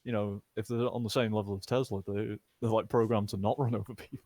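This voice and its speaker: A man's voice: fairly even intonation, fast talker, darkish tone, no room sound. A man co-hosting a casual podcast, joking and laughing often. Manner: jokey, laughs often, pitch leaps. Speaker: podcast co-host. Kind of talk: casual group chat.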